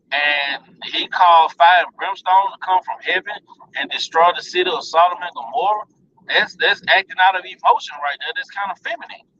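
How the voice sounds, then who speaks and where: A man's voice: sits high, sharp tone, recorded from a distance, highs cut off, a little hiss or hum. A man ranting bluntly and profanely to his viewers in a casual vlog. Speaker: vlogger.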